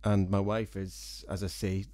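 A singer-songwriter from Scotland, his Scottish accent softened by years in England, rambling to viewers in a casual vlog with dry, self-mocking jokes. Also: low-pitched, level tone, unhurried, no echo. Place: small room at home, with a fan.

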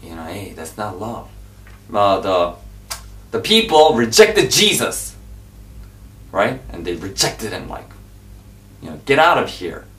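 A man preaching an informal sermon, repeating his points and exhorting his listeners, swinging between loud emphatic bursts and hushed whispers. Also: on the low side, sing-song, takes it slowly, pauses often. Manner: repetitive, exhorting, drops into asides. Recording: echoey room, voice from a distance.

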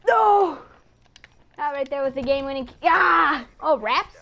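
High-pitched and quick, a gaming YouTuber gives live, excitable match commentary, chatting at the enemies on screen and screaming whenever startled.

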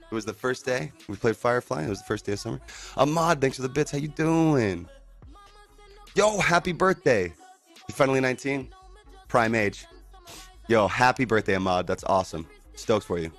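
A man in a casual livestream chat at home, greeting viewers in a laid-back, upbeat way and saying "dude" and "man" a lot. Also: mid-range voice. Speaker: livestreamer and band singer. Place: at home indoors.

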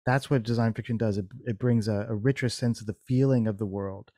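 A man's voice: lowish voice, fairly even intonation, fairly quick, warm tone, no room sound, studio quality. A man answering an interview question at length, explaining thoughtfully and repeating words as he builds his ideas. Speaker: guest designer.

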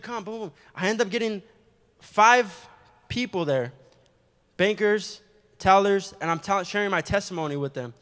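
A young man gives his testimony from the pulpit, telling his story in an animated way with quick asides. His voice sits high for a man and rings bright. The sound carries the long reverb of a church sanctuary. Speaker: guest preacher giving testimony. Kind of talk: sermon testimony.

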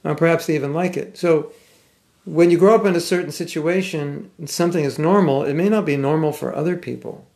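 An older American man with a General American accent giving a scripture class, speaking thoughtfully with some halting restarts and reading passages aloud. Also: a little high, vocal fry, darkish tone. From United States. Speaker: spiritual teacher. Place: class room.

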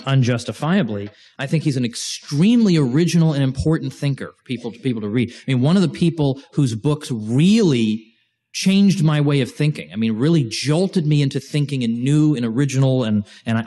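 A man with a mid-range voice gives an informal class lecture, chatty and animated, with restarts and joking asides.

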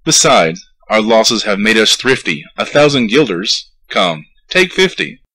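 A man's voice: on the low side, very animated, a little slow, pushed and bright, slightly rough, heavily acted, rough recording. A man reading a poem aloud, voicing a greedy, blustering town mayor who raises his voice to wheedle and scold. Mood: wheedling. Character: scheming greedy town mayor, male, middle-aged. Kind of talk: poetry recitation.

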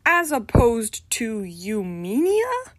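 A woman's voice: fairly high pitch, huge pitch swings, takes it slowly, no echo, heavily acted. A woman voicing a casual, exasperated young man whose body has been taken over, in a storybook reading. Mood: defensive.

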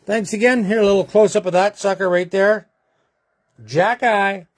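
A man's voice: high voice, fairly even intonation, moderate pace. A man hosting a sports card break, chatting folksily to viewers as he rolls dice and calls out teams. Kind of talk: casual live card break commentary.

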